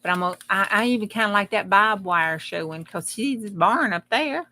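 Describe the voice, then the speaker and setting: A crafting livestream host talks casually to her chat as she works, rambling and folksy. Her woman's voice sits at medium pitch and moves at a normal speed, sounding pushed and bright.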